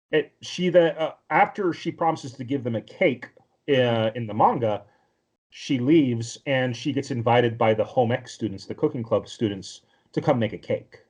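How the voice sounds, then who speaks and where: A man's voice: mid-range voice, a little mellow. A man co-hosting a podcast, recapping a cartoon episode in casual chat that rambles with lots of filler words. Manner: rambling, with many fillers and restarts. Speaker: podcast co-host.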